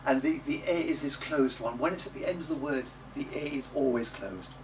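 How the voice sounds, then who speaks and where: A man teaching a music class, coaching the group and modelling words slowly and loudly for them to repeat. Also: mid-range voice. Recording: distant mic with noisy room ambience.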